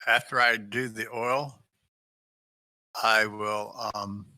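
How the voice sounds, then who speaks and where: A man's voice: fairly low pitch, steady tone, takes it slowly, sharp tone, dry recording. A man playing in a tabletop game, planning his character's moves aloud with casual hesitations. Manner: plans aloud with fillers and restarts. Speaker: player. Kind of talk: casual play talk.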